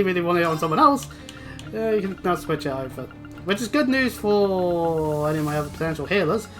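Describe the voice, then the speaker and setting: Rambling man narrating a game. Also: on the high side. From Britain. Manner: chatty, rambling, self-interrupting. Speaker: let's play host. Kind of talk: casual gameplay commentary.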